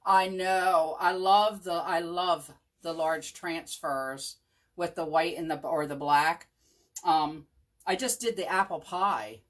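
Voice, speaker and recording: A woman's voice: on the low side, fairly even intonation, takes it slowly. A woman running a live crafting tutorial at home, chatting with viewers, thinking aloud and answering them by name. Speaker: chalk craft demonstrator. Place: home craft table with her dog at her feet.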